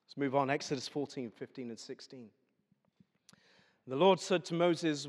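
A man's voice: mid-range voice, moderate pace, pauses often, a little mellow. A man preaching a chatty, humorous sermon, telling stories to a congregation. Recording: echoey hall.

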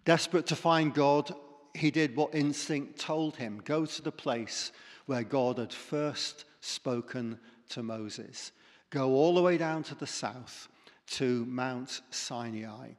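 A man's voice: medium pitch, slow. A male preacher giving a sermon with dramatic storytelling that sinks to near whispers. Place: church. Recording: long reverb in a church hall.

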